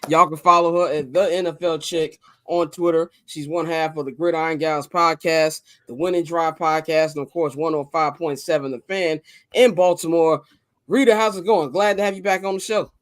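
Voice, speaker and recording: A man from Chicago hosting a sports podcast, relaxed and conversational as he brings in guests and stories. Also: fairly high pitch, normal speed, dry recording, studio quality. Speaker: podcast host. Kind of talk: casual hosting.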